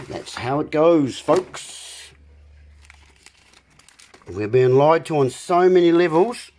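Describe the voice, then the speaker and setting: Ranting man with a higher voice. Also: lively intonation, slow pace, pauses often, mellow, a little hiss or hum. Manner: repetitive, ranting, keeps calling out "folks". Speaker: video host. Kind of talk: political monologue.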